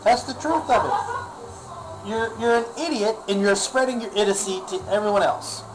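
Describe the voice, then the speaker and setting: A man's voice: high-pitched, moderate pace, faint music behind, low-quality recording. Exasperated man ranting into a webcam. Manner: exasperated, sarcastic, repeats himself. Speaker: vlogger. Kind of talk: ranting vlog monologue.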